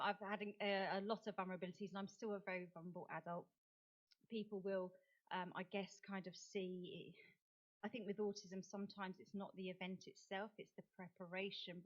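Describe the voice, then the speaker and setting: A middle-aged woman from England, an autism campaigner, giving a chatty, self-deprecating talk at a forum with many fillers and restarts. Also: fairly low pitch. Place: lecture hall. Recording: dull lo-fi recording.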